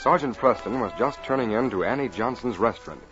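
A man giving measured, dramatic scripted narration for a radio adventure. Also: mid-range voice, animated. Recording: dull old radio broadcast with music.

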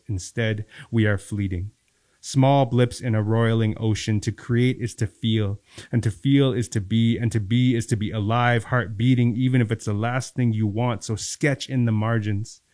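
Low-voiced male poet, measured lyrical delivery, dry close sound. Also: a little mellow, no echo. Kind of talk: poetry reading then casual chat.

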